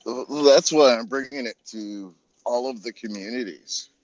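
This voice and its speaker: A man's voice: medium pitch, a little slow, darkish tone, dry recording, highs cut off. A man in a casual online audio chat, rambling and chuckling as he pieces his thoughts together. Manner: rambling, chuckling, self-correcting.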